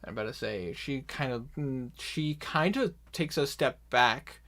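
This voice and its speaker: A male game master narrating a tabletop game over voice chat. His pace is slow and deliberate at an ordinary middle pitch, with sudden excited bursts.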